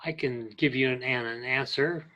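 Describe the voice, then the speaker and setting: Teaching English slowly, a man with a medium-pitched voice and fairly even intonation reads direction and clarification phrases aloud, patient and deliberate throughout. He is an ESL teacher, and the recording has its highs cut off.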